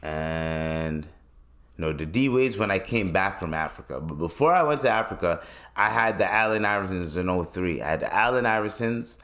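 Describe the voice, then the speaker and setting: Expressive and fairly bright, this low male voice belongs to a Canadian podcast host in his 20s. At a moderate pace he rambles through casual podcast chat, swearing a lot.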